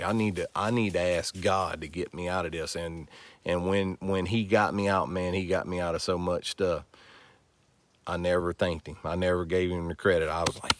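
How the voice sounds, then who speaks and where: A man's voice: sits low, steady tone, moderate pace. A man talking casually and from the heart to his viewers, rambling and repeating himself. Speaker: family vlog host. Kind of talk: casual vlog talk.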